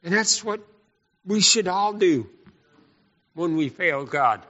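A man preaching a sermon in an animated, folksy, repetitive way. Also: high voice, slow pace. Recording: echoey hall, muffled lo-fi.

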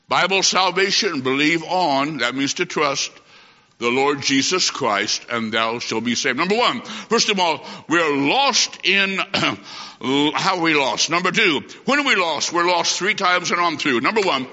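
Emphatic bright-voiced preacher in reverberant church. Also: male voice, a little high, expressive, measured pace. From Illinois. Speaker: traveling evangelist preacher. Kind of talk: sermon. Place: church sanctuary. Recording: dull lo-fi sound with long church reverb.

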